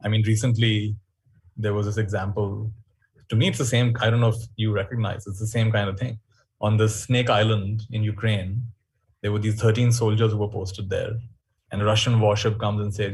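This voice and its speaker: A man speaking in a webinar, telling stories in an animated, reflective way. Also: lowish voice, brisk, husky. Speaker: workshop speaker. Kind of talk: webinar talk.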